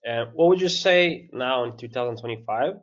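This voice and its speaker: A man asks informal, loosely phrased interview questions at a middle pitch. The audio is a little dull and lo-fi. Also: lively intonation, normal speed. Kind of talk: casual interview.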